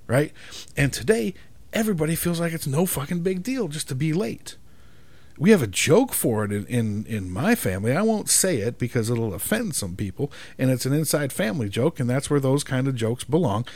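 Exasperated swearing man with animated pitch. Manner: exasperated, emphatic, swears constantly; keeps asking "right?" for agreement. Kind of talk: profane ranting monologue.

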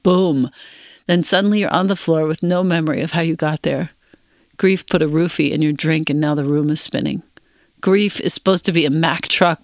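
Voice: mid-range voice, vocal fry, dry recording. Host reading a book passage in a dry room. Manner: expressive reading, brief listening murmurs. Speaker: podcast host.

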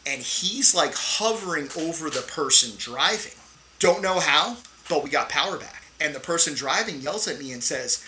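A middle-aged man with a very bright, forceful voice tells a tense story from his Navy years, animated and swearing freely. He keeps checking in with "right?" as he goes, over a faint hiss of background noise. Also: fairly high pitch, moderate pace, poor audio. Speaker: podcast guest, Navy veteran. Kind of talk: storytelling in a casual interview.

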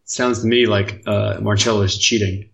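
Man, lowish voice, relaxed podcast chat, teasing, rambly explaining. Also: moderate pace, vocal fry. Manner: teasing, explains things with fillers. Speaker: podcast co-host. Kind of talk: casual chat.

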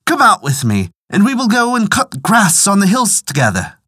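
A good-natured old male rabbit from a spoken folk tale, voiced by a male storyteller. He invites and coaxes in a friendly, lively voice. The recording is close and dry. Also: high-pitched, normal speed, slightly rough, no echo, voice pushed up, exaggerated voice. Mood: coaxing.

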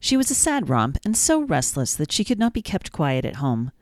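Storytime host: woman reading a storybook aloud, low and gentle. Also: very animated, normal speed, no room sound, clean studio sound.

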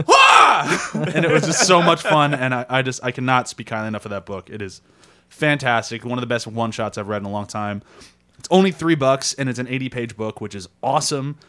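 A man hosting a casual podcast, talking excitedly and laughing often. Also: medium pitch, quick pace, slight background noise. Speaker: podcast host.

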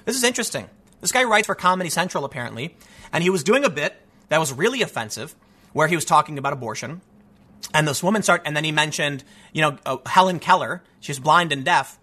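A man's voice: a little high, lively intonation, fast, bright, forceful tone. A man hosting an opinionated news commentary show, reading stories aloud and mocking them with sarcastic, rambling asides.

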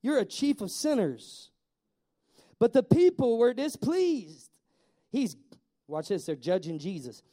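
A man preaching a sermon as pastor, telling Bible stories in an animated way with acted-out voices. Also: high voice, slow, pauses often.

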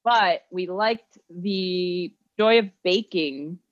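A woman's voice: fairly low pitch, drawn-out words, no echo. Woman podcast co-host, casual cooking chat, plain step-by-step explainer, dry lo-fi sound.

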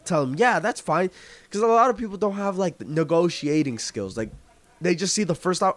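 This is a young man in his twenties chatting as a podcast guest, his voice sitting a little high and swinging widely in pitch. He tells stories with animated energy and swears constantly. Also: brisk. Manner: animated, profane storytelling. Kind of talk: casual podcast chat.

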